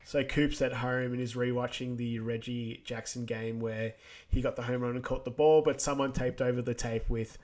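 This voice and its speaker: A man with a mid-range voice walks through a film's plot for a podcast at an easy pace. He fills the gaps with "um" and "yeah" and readily agrees with his co-host. Now and then he slips into a brief, higher quoted line. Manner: relaxed, full of fillers, quick agreeing "yeah"s. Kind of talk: casual movie recap chat.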